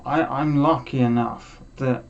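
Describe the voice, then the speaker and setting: A young man hosting a music vlog, talking in a heartfelt, halting way with frequent restarts. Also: mid-range voice, steady tone, vocal fry. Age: young adult. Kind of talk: casual chat. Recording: muffled lo-fi sound.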